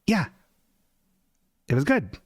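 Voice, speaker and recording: A man's voice: fairly high pitch, very animated, slow pace, husky, dry recording, clean studio sound. A man hosting a casual solo podcast, rambling and self-deprecating and swearing freely. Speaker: podcast host. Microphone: desk microphone.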